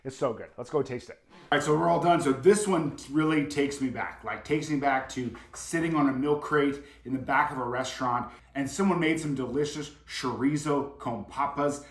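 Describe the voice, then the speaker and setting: A man hosts a casual cooking demonstration, chatting enthusiastically as he cooks and tastes the food. His voice is medium in pitch and normal in speed.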